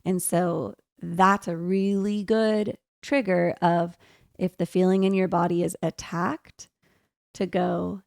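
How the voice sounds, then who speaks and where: A woman's voice: on the low side, flat delivery, slow pace, gravelly, darkish tone, no room sound, studio quality. A woman co-hosting a podcast, speaking candidly and reflectively about her own habits in casual chat. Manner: candid, self-reflective, quotes herself. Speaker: podcast co-host.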